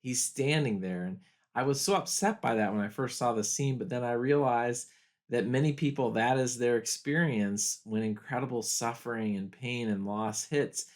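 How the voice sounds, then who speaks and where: A pastor talking through a TV episode in a video study guide, earnest and reflective, slowing down to weigh key moments. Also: male voice, medium pitch. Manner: earnest, reflective, slows down for quoted lines.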